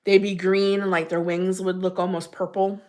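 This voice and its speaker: A woman's voice: on the low side, level tone, normal speed, darkish tone. Woman, livestream host, casual chat, laughs often, greets viewers by name. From Pennsylvania.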